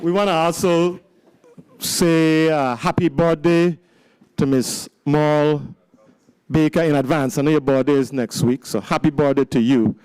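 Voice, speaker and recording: A man's voice: fairly high pitch, a little mellow, clean tone, no room sound, rough recording. A man with a Virgin Islands accent chairs a ceremonial legislative session, jovial and teasing. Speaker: presiding legislator.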